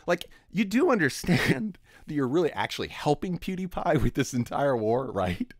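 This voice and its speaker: A man's voice: on the high side, sing-song, normal speed, hardly any pauses, no room sound, studio quality. A man giving an opinionated commentary rant, emphatic and exasperated, scolding his audience. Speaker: video commentator.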